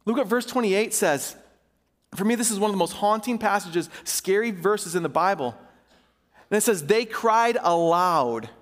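A man preaching with fervent, emphatic urgency, his high voice carrying through a church sanctuary. Long reverb trails every phrase. He presses hard, then slows to drive points home. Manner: impassioned, swings between urgent and slow, emphatic delivery. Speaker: pastor. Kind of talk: sermon. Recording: reverberant hall.

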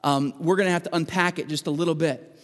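A man preaching a sermon as pastor, moving between emphatic and hushed delivery. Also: fairly high pitch, steady tone, quick pace, long reverb tail.

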